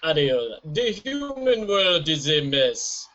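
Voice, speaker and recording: A man's voice: fairly high pitch, sing-song, takes it slowly, bright, forceful tone, full character voice. A fussy cartoon crab, as a man puts him on. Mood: pleading. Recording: dull lo-fi audio.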